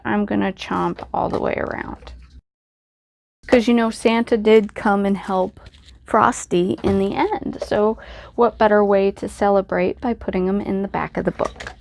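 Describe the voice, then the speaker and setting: Crafty lady rambling thru her project, lots of fry in her voice, easygoing. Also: medium pitch, darkish tone, a little hiss or hum. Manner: chatty, self-deprecating, thinks aloud while working. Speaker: crafting channel host. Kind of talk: casual crafting tutorial voice-over.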